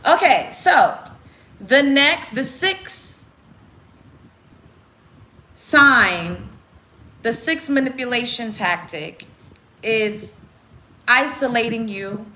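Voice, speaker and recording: Young woman vlogger, bright tone, emphatic and repetitive, casual advice chat. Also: fairly high pitch. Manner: emphatic, repeats phrases for stress. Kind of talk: casual get-ready-with-me livestream talk. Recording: echoey room with faint hiss.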